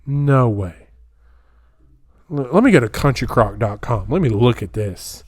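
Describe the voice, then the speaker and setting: A man's voice: mid-range voice, expressive, measured pace, long pauses, a little mellow, no echo, clean studio sound. A young man hosting a solo comedic podcast, rambling and incredulous as he riffs while reading aloud. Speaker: podcast host. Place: small home room, camera on floor.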